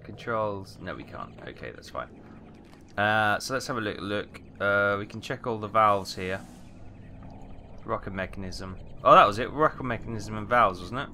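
Welsh male let's-play host, low-ish voice, rambling chatty narration over audible hiss. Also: lively intonation, moderate pace, bright, forceful tone. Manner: chatty, muttering while working, British exclamations. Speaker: gaming video host. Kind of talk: casual let's play commentary.

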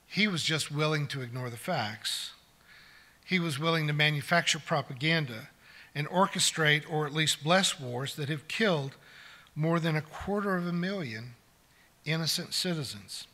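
Bright-voiced older male pastor preaching. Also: a little high. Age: 60s. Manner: earnest, building to emphatic declarations. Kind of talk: sermon. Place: church sanctuary.

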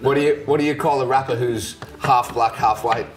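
A man's voice: mid-range voice, fairly even intonation, brisk, distant mic. A young man telling jokes in casual banter, trying to hold back laughter through the punchlines. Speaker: joke teller in a laugh challenge. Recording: music bed, voice a bit off mic.

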